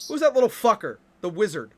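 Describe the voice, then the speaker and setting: A man's voice: high voice, sing-song, fast, darkish tone. A man streaming, ranting about video games in a profane, exasperated way.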